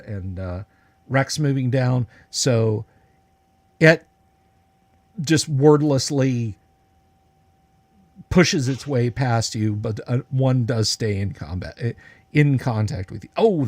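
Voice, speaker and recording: A man narrating as game master of a tabletop game on an online stream, casual and halting with many filler words. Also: medium pitch, darkish tone. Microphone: video call.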